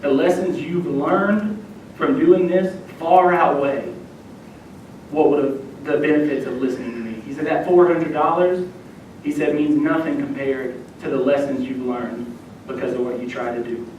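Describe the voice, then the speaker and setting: Speaking at a moderate, steady pace, this young man has a somewhat dark tone as he delivers a sermon and personal story, voicing the people he quotes. He's a youth minister in a church sanctuary, caught by a distant mic in an echoey hall with a faint rumble.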